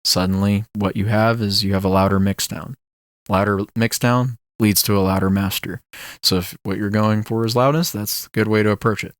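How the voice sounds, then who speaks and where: A young man with a fairly low voice hosts his own podcast. He rambles through ideas with plenty of ums and likes. The recording is dry and close, with no room sound. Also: steady tone, normal speed, no echo. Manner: rambling, filler-heavy, musing about ideas. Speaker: podcast host. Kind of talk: casual solo podcast talk.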